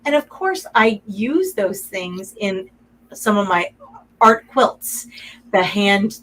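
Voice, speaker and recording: A woman's voice: medium pitch, unhurried, a bit bright, low-quality recording. A middle-aged woman, a guest artist in a radio interview, talking in a chatty, effusive way and getting emotional.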